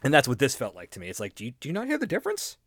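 Opinionated man, thirties, deep-ish and animated, dry close sound. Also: rapid-fire, no echo. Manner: opinionated, critiques emphatically. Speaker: podcast co-host. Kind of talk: casual chat.

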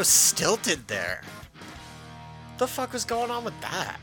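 A man's voice: high voice, wildly swooping pitch, takes it slowly, bright, forceful tone, faint music behind. A man co-hosting a podcast in casual chat, laughing and swearing often, with many restarts. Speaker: podcast co-host.

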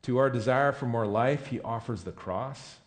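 A man's voice: medium pitch, moderate pace. A man preaching a sermon in a conversational, emphatic way, often correcting himself mid-sentence. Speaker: pastor.

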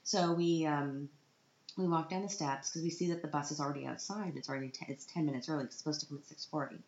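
A parent vlogger in her thirties tells a personal story about her child, dramatic and self-mocking and close to tears. Her voice is low, steady, fast and a little mellow, with a bit of hiss or hum, and the recording sounds roomy, dull and lo-fi.

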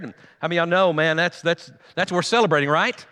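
Bright, high-voiced pastor, reverberant hall. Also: male voice, quick pace. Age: middle-aged. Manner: calls out to the congregation, humorous storytelling. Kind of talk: sermon. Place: large church sanctuary.

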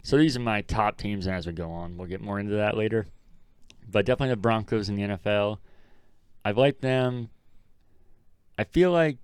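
A man's voice: low-pitched, clear, resonant tone, no room sound. A young man from Ohio co-hosting a casual sports podcast, laid-back and swearing often. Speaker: podcast co-host.

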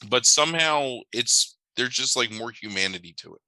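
Animated man with bright, lively voice. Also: medium pitch, moderate pace, dry recording, poor audio. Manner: animated storyteller, swears casually, acts out voices. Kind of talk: casual chat.

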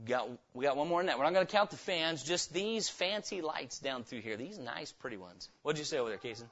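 A man's voice: fairly high pitch, animated, a little fast, fairly bright tone. A man preaching a revival sermon in a church, emphatic and firing rhetorical questions at the congregation. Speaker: pastor. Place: church sanctuary. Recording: dull lo-fi sermon recording.

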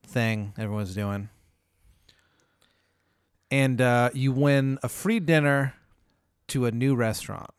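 A man's voice: mid-range voice, takes it slowly, pauses often, clear, resonant tone, no echo, clean studio sound. A man hosting a comedy podcast, spinning a long hypothetical story in a rambling way, full of "like" and "uh". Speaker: podcast host.

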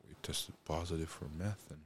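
A man recounting a personal story, halting and restarting often, speaking of God and blessing. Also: very deep voice, steady tone, a little hiss or hum. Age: adult parent. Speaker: guest.

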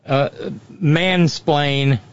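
A man's voice: a little high, steady tone, very slow, clear, resonant tone, no echo. Wry radio guy spinning stories, keeps restarting, kinda muffled sound. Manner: wry storyteller, frequent restarts. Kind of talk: radio talk show commentary.

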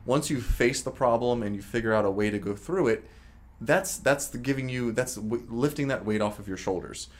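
A man co-hosting a podcast, speaking in a steady, reflective way. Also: mid-range voice, normal speed. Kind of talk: casual podcast chat.

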